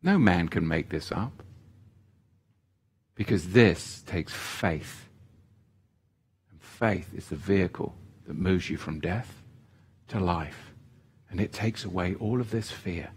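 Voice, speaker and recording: A man preaching a sermon in a fervent, emphatic way, building to loud pleading. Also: fairly low pitch, lively intonation, unhurried, husky.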